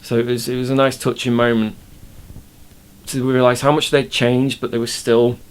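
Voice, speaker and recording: A man's voice: medium pitch, flat delivery, normal speed, smooth. A man, the show runner and writer, talking casually about his episodes, explaining with enthusiasm and frequent restarts. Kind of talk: casual behind-the-scenes commentary.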